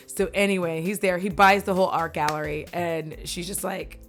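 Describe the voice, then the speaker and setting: Rambling, low-voiced woman recapping a movie. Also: fairly even intonation, brisk, hardly any pauses, faint music behind. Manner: chatty and rambling, swears, goes off on tangents. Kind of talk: casual chat.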